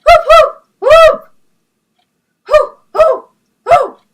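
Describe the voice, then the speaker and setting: A woman voicing a small, noisy, cheerful male puppy with loud, high yapping barks. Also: expressive, extremely slow, far from the mic, heavily acted. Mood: wild barking.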